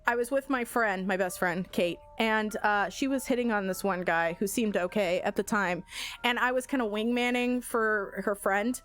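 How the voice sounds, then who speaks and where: A woman's voice: mid-range voice, normal speed, a bit bright. A young woman streaming a game, chatting with viewers, telling stories and thinking aloud in a giggly way. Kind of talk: casual live-stream chat.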